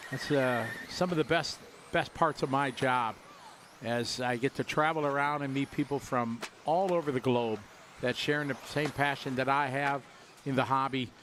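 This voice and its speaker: A man's voice: medium pitch, normal speed, a bit bright, a little hiss or hum. A man from Wisconsin giving chatty, upbeat live race commentary and greeting viewers. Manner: chatty, upbeat, jokes with chat and co-host.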